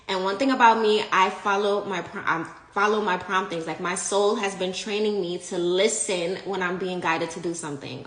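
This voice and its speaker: A woman vlogger telling a personal story in a casual, animated way, speaking straight to her viewers. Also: mid-range voice. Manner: animated, chatty, addresses viewers as y'all. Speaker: spiritual content creator. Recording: roomy echo.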